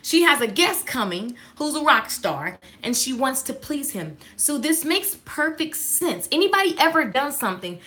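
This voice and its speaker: A woman giving a casual devotional talk, sassy and animated, calling out to listeners. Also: high voice, normal speed, hardly any pauses. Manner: sassy, animated, call-and-response.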